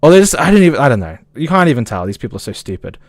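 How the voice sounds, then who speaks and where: A man with a Southern English accent, streaming and ranting casually, swearing, angry and excitable, with a stutter. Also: medium pitch, racing, dry recording. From south of England. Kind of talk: casual livestream rant.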